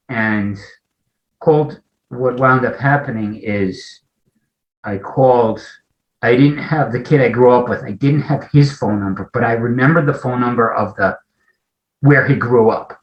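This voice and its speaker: A man's voice: mid-range voice, a little slow. A man as an interview guest, candidly telling a meandering personal recovery story in conversation. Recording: roomy, dull lo-fi sound.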